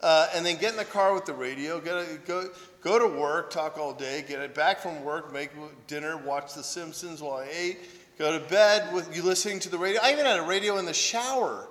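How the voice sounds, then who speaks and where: A priest and monk delivers a conversational sermon in a large hall, telling funny, self-deprecating anecdotes. His voice is a little high and a bit bright, fairly quick, and he often checks in with "right?".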